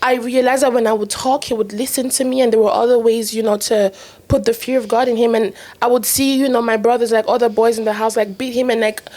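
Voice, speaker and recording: A young woman co-hosting a faith podcast, her voice sitting on the higher side. She talks in a casual, animated way and laughs easily as she tells stories. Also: fast. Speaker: podcast co-host. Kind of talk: casual chat.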